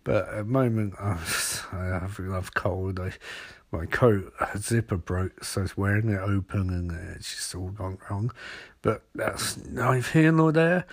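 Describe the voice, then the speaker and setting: A man's voice: lowish voice, animated, takes it slowly. A man hosting a podcast, giving a casual, rambling TV episode recap full of jokes and self-corrections. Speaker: podcast host.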